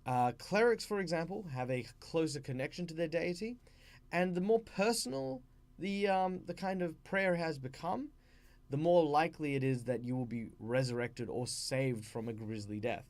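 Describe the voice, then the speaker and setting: A man's voice: a little high, moderate pace, a little mellow. A man with an Australian accent hosting a channel, casually explaining tabletop role-play tips and often restarting his sentences. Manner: rambling, with frequent fillers and restarts. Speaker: channel host.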